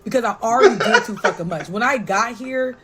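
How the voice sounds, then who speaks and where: A woman's voice: on the high side, brisk, background noise. Blunt, profane young woman telling a story. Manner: blunt, profane and animated, with frequent "like" and "right?". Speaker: podcast guest telling a personal story. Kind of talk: casual storytelling.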